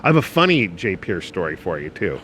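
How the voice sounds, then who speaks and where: Halting, emotional man reminiscing. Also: low-pitched, big pitch swings, fairly bright tone, a little hiss or hum. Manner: halting, many restarts, emotional. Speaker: podcast co-host, former radio programmer. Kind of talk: casual reminiscing chat.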